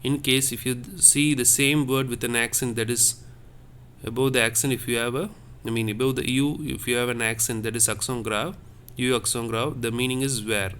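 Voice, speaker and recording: A man's voice: mid-range voice, fairly even intonation, normal speed, fairly bright tone, slight background noise. A man teaching a lesson on French accents, explaining patiently and repeating each point step by step.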